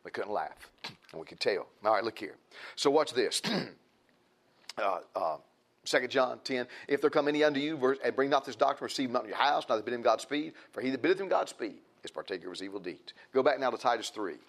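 A male preacher with a drawl delivers a church sermon. He talks in a plain, folksy way at a middling pitch, circling back to repeat his key words for emphasis. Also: animated, fairly quick. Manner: folksy, repetitive, building emphasis.

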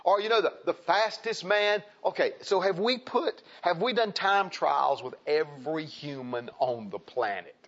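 A man's voice: fairly high pitch, unhurried, few pauses, a bit bright, dull audio. A man preaching a sermon in a folksy, conversational way, asking his listeners frequent rhetorical questions.

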